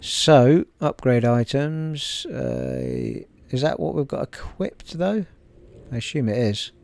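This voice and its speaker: A man recording let's-play commentary, cheerful and thinking out loud. His voice sits at an ordinary middle pitch, and he talks casually through game menus and reads tooltips aloud. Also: huge pitch swings, takes it slowly, gravelly, no echo. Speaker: gaming streamer.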